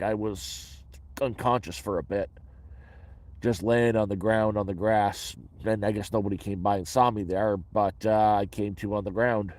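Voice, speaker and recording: Fielding viewer questions from his shelter, a Canadian vlogger chats casually about his life, blunt and matter-of-fact, with some swearing. He has a fairly low pitch and a darkish tone.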